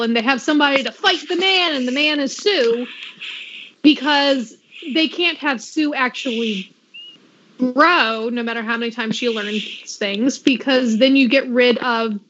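A woman co-hosting a podcast in casual chat, quick, wry and opinionated. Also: high voice, a bit bright, dull audio, slight background noise. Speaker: podcast co-host.

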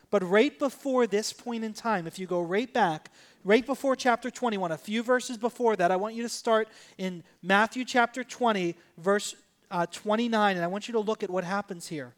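A man preaching a sermon, animated, acting out quoted voices and swinging from soft to loud. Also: high-pitched. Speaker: pastor.

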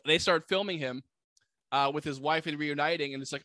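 A man's voice: on the high side, steady tone, fast, sharp tone, dry recording. A man co-hosting a casual podcast, animatedly retelling a movie plot and acting out quoted lines. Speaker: podcast co-host. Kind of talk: casual movie recap chat.

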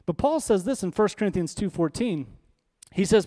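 A man's voice: high voice, lively intonation, fairly quick, dark tone. A man preaching a sermon as pastor, in a conversational, emphatic style full of rhetorical questions.

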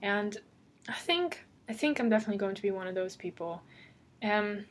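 A woman's voice: medium pitch, lively intonation, normal speed. A woman hosting a solo podcast, chatting casually and rambling, laughing often as she talks. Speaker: podcast host. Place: lives alone in Amsterdam.

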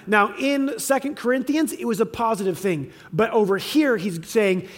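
A man's voice: high-pitched, normal speed, hardly any pauses. A man preaching a sermon, with emphatic swings in volume and frequent restarts. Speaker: pastor.

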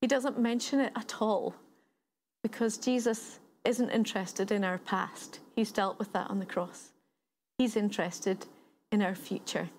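A woman's voice: medium pitch, steady tone, a little slow, darkish tone, a little hiss or hum. A woman giving a sermon, retelling a story in a conversational way and building points through repetition. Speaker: preacher.

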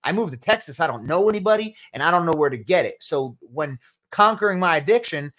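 A man's voice: a little high, animated, brisk, fairly bright tone. A man from New Jersey hosting a podcast, preaching emphatically with sudden bursts of stress. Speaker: podcast host.

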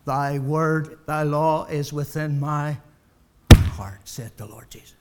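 Speaking slowly to his congregation, this preacher rises to loud, emphatic peaks, then sinks low, repeating rhetorical questions along the way. He becomes short of breath as the sermon goes on, and the recording is very noisy.

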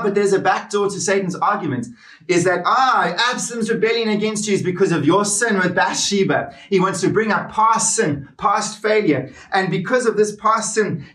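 An earnest male preacher delivers a sermon with rising passion, driving his points home by repeating them. His voice sits a little high for a man. He stands some way back from the microphone. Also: fairly bright tone, distant mic. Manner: earnest, impassioned, repeats phrases for emphasis.

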